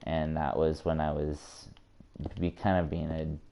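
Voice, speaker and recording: Deep, mellow-voiced streamer chatting casually. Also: male voice, little pitch movement, slow, vocal fry, a little hiss or hum. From United States. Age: 20s. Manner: chatty, laughs often, many restarts. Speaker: live streamer. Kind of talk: casual live-stream chat.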